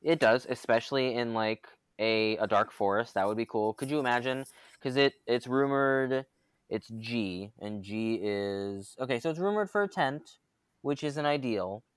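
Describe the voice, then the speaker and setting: A man's voice: medium pitch, moderate pace, clear, resonant tone, dry recording. A man co-hosting a casual podcast chat, enthusiastic and long-winded, full of fillers and restarts. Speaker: podcast co-host.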